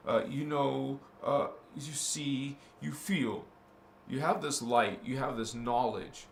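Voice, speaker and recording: A man hosting a spiritual livestream, talking in a gentle, earnest, halting way to his viewers. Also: mid-range voice, steady tone, gravelly, reverberant, slight background noise. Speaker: livestream host.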